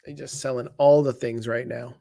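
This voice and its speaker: In a steady, gravelly mid-range voice, a man speaks at a moderate pace on a dry recording. He co-hosts a live wrestling watch-along, and his casual commentary is full of jokes, chatter and loud reactions.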